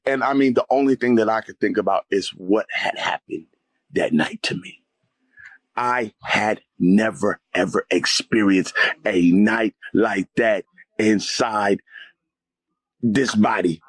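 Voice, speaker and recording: A man's voice: on the low side, unhurried, dry recording. Intense man telling a testimony. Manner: intense, emphatic, rising to near-shouting in dramatic moments. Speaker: interview guest sharing a testimony. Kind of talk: personal testimony storytelling.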